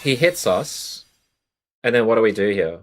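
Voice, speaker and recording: Casting note: young Australian man, lowish voice, casual streamer patter between plays. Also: expressive, moderate pace. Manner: chatty, greets chat viewers, thinks aloud about moves. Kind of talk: casual live-stream commentary while playing a card game.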